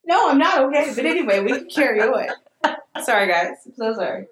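A woman's voice: high-pitched, expressive, a little fast, reverberant, crowd noise, rough recording. A woman co-hosting a podcast in casual chat, earnest and emotional, drifting between tears and laughter. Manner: earnest, tearful and laughing in turns. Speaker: podcast co-host.

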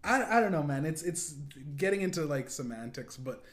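A man's voice: a little high, sing-song, normal speed. A man hosting a podcast in casual, rambling chat, swearing and laughing often. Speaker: podcast host. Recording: echoey room, faint background noise.

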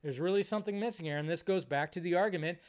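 Man, high-pitched, animated live movie-show host, casual ranter who swears and swings from loud to hushed. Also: racing. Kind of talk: casual live-stream rant.

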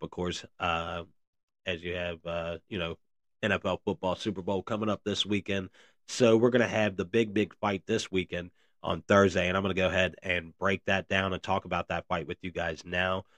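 A man with a very deep voice hosts a casual solo podcast. He rambles along loosely, full of "uh" and "man," talking straight to his listeners. The sound is close and dry, with no room around it. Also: dry recording. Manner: rambling, filler-heavy, says "man" and "guys" a lot. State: briefly out of breath. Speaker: podcast host.

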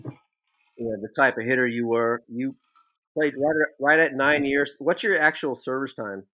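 A man's voice: medium pitch, measured pace, bright, forceful tone. A man hosting a casual podcast interview, telling playful team stories and asking about his guest's hitting. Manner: easygoing storyteller, playful prankster tone. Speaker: podcast host, former ballplayer.

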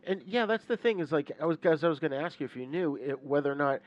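A man's voice: fairly high pitch, lively intonation, fast talker, lo-fi sound. A man co-hosting a podcast, talking casually about films and listing titles, with some filler words. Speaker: podcast co-host. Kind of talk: casual film discussion.

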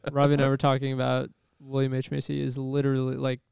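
Guy chatting about movies, kinda monotone, mellow tone, says like a lot. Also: medium pitch, fast talker, vocal fry, smooth, no echo, studio quality. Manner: chatty, laughs often, fills with "like". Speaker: podcast co-host. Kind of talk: casual movie discussion.

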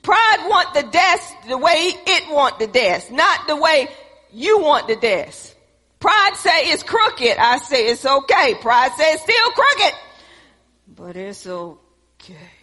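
A woman's voice: high voice, sing-song, takes it slowly, sharp tone. A woman preaching a sermon, emphatic and repetitive, calling out to her congregation. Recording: reverberant hall.

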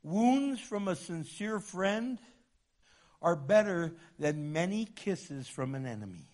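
A male pastor preaching a sermon, moving between loud emphatic passages and hushed ones. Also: high-pitched, lively intonation, slow.

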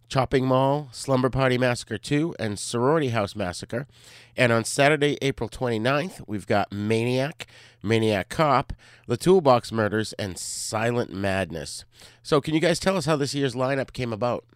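A man's voice: medium pitch, no echo. Male podcast host, upbeat, plain mid voice, dry. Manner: reads out a list, friendly and upbeat. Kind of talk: casual podcast chat.

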